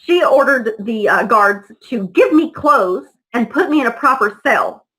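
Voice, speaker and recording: In a sharp, expressive, fairly high voice and at a somewhat slow pace, a middle-aged woman shares her story as an interview guest. She speaks bluntly and heatedly, swearing freely and voicing the people she quotes, on a low-quality recording.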